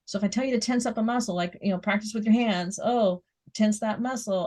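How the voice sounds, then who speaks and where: A woman leading a guided muscle relaxation exercise, giving gentle step-by-step instructions and counting down. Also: mid-range voice. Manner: slow, soothing instructions with soft laughs.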